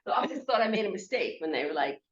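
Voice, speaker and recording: A woman in the class making quick, talkative asides from away from the microphone. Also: medium pitch, big pitch swings, dull audio. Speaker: class participant. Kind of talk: casual chat.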